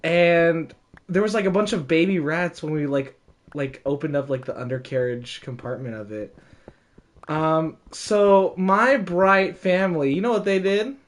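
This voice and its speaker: A young man casually telling a story, animated, with frequent laughs and lots of fillers. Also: fairly high pitch, measured pace.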